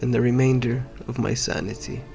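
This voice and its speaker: Arabic-native guy from palestine reading a creepy story, mid pitch, flat delivery. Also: vocal fry, soft background music. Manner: measured, dramatic inner monologue. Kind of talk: first-person horror story reading.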